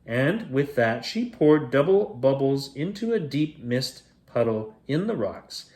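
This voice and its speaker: A man reads a children's bedtime story aloud as the show's host, with a playful, expressive delivery. His mid-range voice rises and falls in lively, animated swings. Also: medium pitch, takes it slowly.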